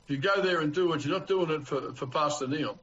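A man's voice: a little high, fast, fairly bright tone. A man with an Australian accent preaching a conversational sermon as pastor, earnest and homely, with rhetorical questions to his congregation. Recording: dull, lo-fi sound.

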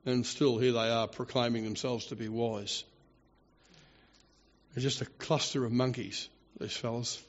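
A man preaching a sermon, animated and theatrical, with mocking asides. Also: medium pitch, a little slow, long reverb tail. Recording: dull lo-fi recording.

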